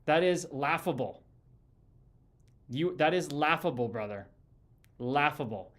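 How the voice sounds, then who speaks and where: A man in his thirties hosts a casual livestream and reads out viewer comments. He argues bluntly and combatively with a critic and keeps calling people "brother." His voice sits a little high for a man. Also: animated, unhurried, long pauses, a bit bright. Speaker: livestream host.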